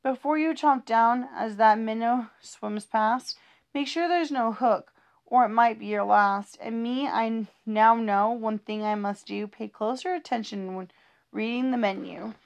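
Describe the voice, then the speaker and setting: Lady reading silly kids poems, sing-songy, kinda high voice. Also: a little slow, vocal fry. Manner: playful, sing-song rhythm with small stumbles. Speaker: reader of children's poems. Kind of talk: reading humorous rhyming poems aloud.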